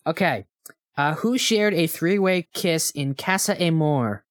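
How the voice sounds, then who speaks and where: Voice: mid-range voice, expressive, measured pace, dry recording, studio quality. A podcast host running a quiz on a co-host, in casual chat, playful and teasing.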